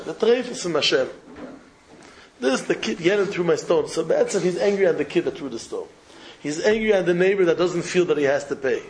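A rabbi gives a Torah lecture, telling a parable and repeating phrases for emphasis while weaving in Hebrew and Yiddish terms. His voice is fairly high, and the rough recording carries a little hiss or hum.

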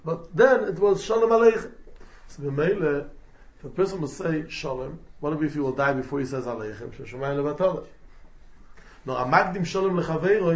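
A man giving a lively Talmud class, mixing in Yiddish and Hebrew terms and acting out the quotes. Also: on the high side, echoey room. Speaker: Talmud teacher.

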